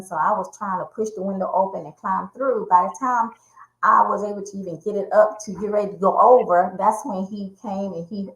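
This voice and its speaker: A woman guest in an interview telling a personal story and acting out the voices she quotes. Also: mid-range voice. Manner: vivid retelling that acts out quoted voices. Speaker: interview guest, domestic violence survivor and speaker. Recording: roomy echo.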